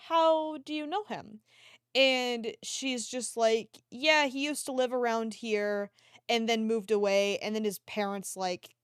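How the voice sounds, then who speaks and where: A woman's voice: on the high side, smooth, dry recording, clean studio sound. A woman chatting casually on a livestream, rambling and swearing freely while she retells a film. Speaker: art streamer. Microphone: desk microphone.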